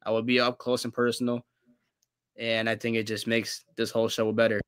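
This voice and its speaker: Young male co-host, smooth and bright, opinionated and animated. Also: mid-range voice, brisk, no room sound, clean studio sound. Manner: animated, opinionated, casual slang. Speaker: co-host and student sports writer. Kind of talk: casual sports talk.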